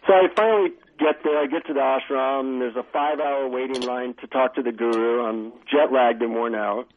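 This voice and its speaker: A middle-aged man, an author being interviewed, telling animated stories with many fillers. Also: medium pitch, brisk. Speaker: author and guest. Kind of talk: phone interview storytelling. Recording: tinny phone line.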